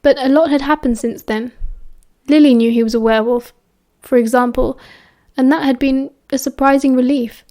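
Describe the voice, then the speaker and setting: A woman with a British accent narrating an audiobook in a steady, even storytelling voice. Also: sits high, normal speed. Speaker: audiobook reader.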